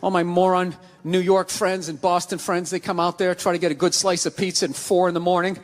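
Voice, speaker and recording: A man from the US East Coast doing a profane, ranting stand-up routine, shouting his punchlines. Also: high-pitched, a little fast. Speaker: stand-up comedian. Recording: reverberant hall with steady noise.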